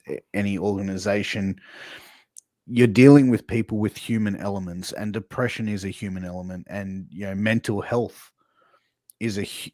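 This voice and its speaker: A man with a fairly low voice co-hosts a casual podcast and presses his partner with long, searching questions that pile up clause by clause. He is recorded close up and dry. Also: darkish tone, no room sound. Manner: probing, asks long layered questions. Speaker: podcast co-host.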